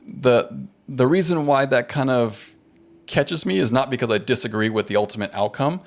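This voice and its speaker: A man's voice: medium pitch, normal speed. A man hosting a podcast conversation, thinking aloud carefully and often restarting his words as he works out a point. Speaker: podcast host. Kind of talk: casual conversation.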